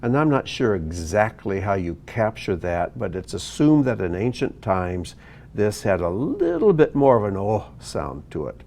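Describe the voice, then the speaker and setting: A man teaching a video lesson, explaining slowly and patiently. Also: lowish voice. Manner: slow, patient explaining with lively ups and downs. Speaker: Hebrew teacher.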